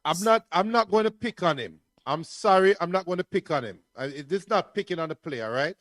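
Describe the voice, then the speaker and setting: A man co-hosting a football watch-along, with a high voice and a halting, restart-heavy way of talking. He gives blunt opinions on the players. The sound is close and dry, with no room echo. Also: animated, fairly bright tone. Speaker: co-host and analyst.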